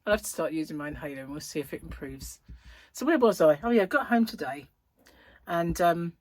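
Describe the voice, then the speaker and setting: A middle-aged woman with a husky voice, hosting a rambling, casual chat and telling anecdotes with frequent laughs. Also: low-pitched, animated, fairly quick, a little mellow, dry recording. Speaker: host.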